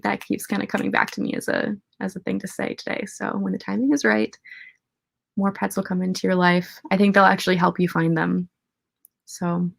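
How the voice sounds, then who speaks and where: Gentle consoling woman, gravelly fry. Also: mid-range voice, no echo, studio quality. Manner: soft, gentle, consoling, many fillers. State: emotional. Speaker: psychic advice host. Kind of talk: live Q&A on love and the afterlife.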